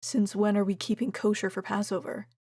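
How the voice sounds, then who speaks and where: A woman's voice: mid-range voice, level tone, brisk, a little mellow, dry recording, clean studio sound, natural voice. A woman voicing a self-assured male billionaire in his thirties, breezy and cocky.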